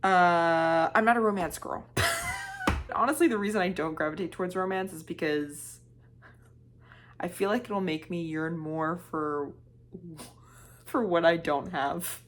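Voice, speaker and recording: A woman's voice: on the low side, big pitch swings, unhurried, pauses often, background noise. A young woman talking casually in a book vlog, rambling off on tangents, joking at her own expense and sometimes dropping into a whisper for emphasis. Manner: chatty, rambling, self-deprecating, drops into whispers for emphasis. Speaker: book vlogger.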